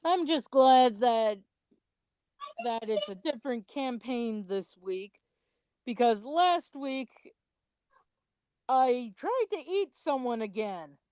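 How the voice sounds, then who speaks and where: A woman's voice: on the high side, expressive, slow pace, darkish tone, smooth, no echo. A young adult woman co-hosting a commentary video, chatty, rambling and a little self-conscious in casual chat.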